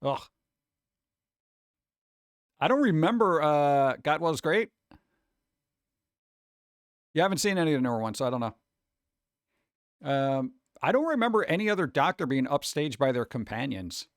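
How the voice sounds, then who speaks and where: A man's voice: a little high, sing-song, normal speed, pauses often, dry recording, clean studio sound. A man chatting casually with viewers on a live stream, rambling, humming and scatting to himself, his throat a little sore.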